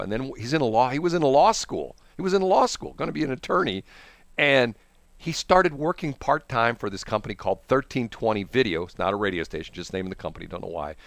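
With a mid-range voice and no room sound, a male radio host keeps things casual on air. He's an animated storyteller who slips into impressions of other voices.

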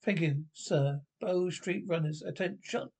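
A man's voice: fairly high pitch, measured pace, creaky, darkish tone, husky, heavily acted. A man reading the part of an officious police captain who barks clipped drill orders. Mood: commanding. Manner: clipped commands.

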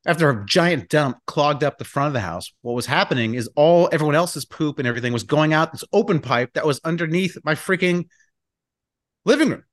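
Animated man telling a profane story. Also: on the high side, a little fast. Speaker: podcast co-host. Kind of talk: casual chat.

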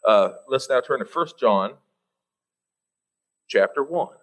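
Lively, teasing male preacher. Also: low-quality recording. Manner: lively, teasing, rises high for emphasis; reads scripture slowly and deliberately. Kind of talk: sermon.

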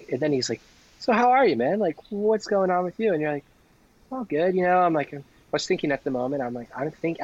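Recorded with lo-fi sound, this man has a medium-pitched voice. He's a guest on a podcast, spinning casual, lively anecdotes and performing the quoted dialogue of people he's met.

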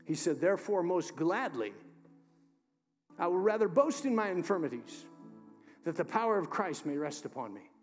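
High-voiced pastor preaching in a reverberant hall. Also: male voice, very animated. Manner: emphatic, swings from loud urging to hushed slow delivery. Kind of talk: sermon. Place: church sanctuary. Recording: music under voice in a reverberant hall.

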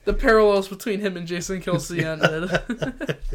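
A man's voice: high-pitched, unhurried, a bit bright. A young man, a grandson and co-host, chatting casually with playful reactions and frequent laughter. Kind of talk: casual chat.

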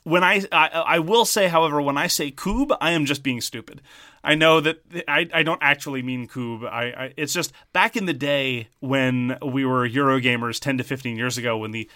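A man's voice: medium pitch, moderate pace, bright, forceful tone, dry recording, clean studio sound. A man with a Montreal Irish Anglo accent, co-hosting a podcast in a wry, wordy, pedantic chat. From French Canada. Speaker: podcast co-host.

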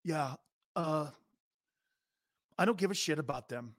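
A man's voice: on the high side, expressive, a little slow, dry recording, studio quality. A man doing an impression of a cocky young male quarterback, who mutters swaggering, profane dismissals. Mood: dismissive.

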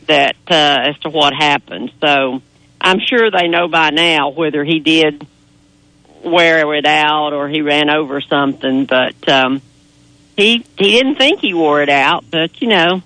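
A woman's voice: deep voice, a little slow, pushed and bright, dry recording, low-quality recording. A woman on a racing panel, chatting enthusiastically and sometimes hesitating as she weighs her picks. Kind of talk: casual chat about racing.

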